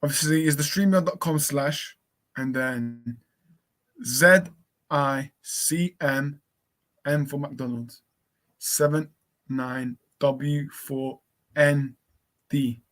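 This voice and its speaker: A man on a casual live stream, talking slowly and unhurriedly into a computer mic. He keeps calling out to his missing co-host and spells a link out letter by letter. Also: medium pitch, a bit bright. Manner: calls out repeatedly, spells slowly. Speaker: livestream co-host.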